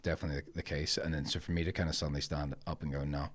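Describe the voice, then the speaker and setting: A man with a low, deep voice is a guest on a podcast. He talks in a casual, reflective way and tells stories from his life. He grew up moving around Germany and England. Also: little pitch movement, very fast. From grew up moving between Germany and England. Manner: reflective, storytelling. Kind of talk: casual conversation.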